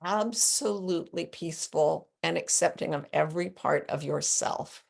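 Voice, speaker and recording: A woman life coach and author as an interview guest, telling stories with lively acted-out quotes. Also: low-pitched, moderate pace, vocal fry. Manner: animated storyteller who acts out quotes. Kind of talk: conversational interview.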